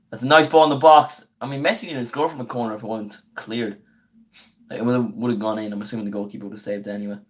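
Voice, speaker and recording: A young man, his voice going hoarse, chatting casually on a live football watchalong and breaking into excited play-by-play of the action. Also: medium pitch, slight background noise. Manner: chatty and slangy, bursts into quick excited play-by-play. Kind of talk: casual live stream chat with match commentary.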